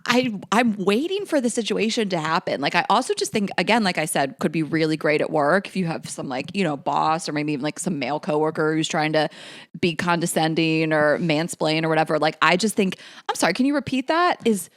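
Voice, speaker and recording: A woman co-hosts a podcast, chatting casually, laughing often and swearing freely. Her voice is low and fairly quick. The audio is studio quality, with no echo.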